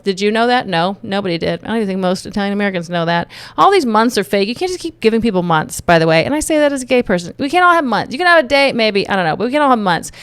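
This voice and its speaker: A chatty woman vlogger talks straight to her viewers in a loose, joking way, circling back and restarting her sentences as she goes. Her voice sits a touch high and rings smooth and clean. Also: dry recording. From Texas. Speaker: YouTube commentator. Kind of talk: casual opinion vlog.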